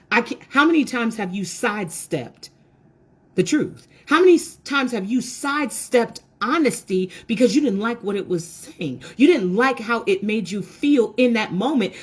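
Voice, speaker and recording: A woman's voice: on the high side, lively intonation, normal speed, breathy edge. Emphatic woman giving a motivational talk. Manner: emphatic, preachy, with self-mocking asides to the audience; repeats words and restarts when fired up. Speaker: host of a motivational talk for women.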